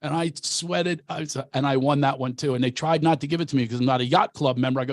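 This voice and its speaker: A man's voice: mid-range voice, steady tone, fast, dry recording. Man from Philadelphia, comic and coach, brash and preachy, dry close sound. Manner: brash, self-mocking, preachy. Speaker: comedian and coach. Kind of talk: casual storytelling chat.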